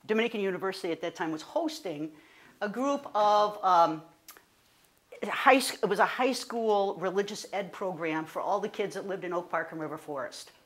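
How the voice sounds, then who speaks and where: A woman, a guest speaker telling a personal story in an animated, conversational way, full of fillers and self-corrections. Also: mid-range voice, moderate pace. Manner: animated, rising to indignant.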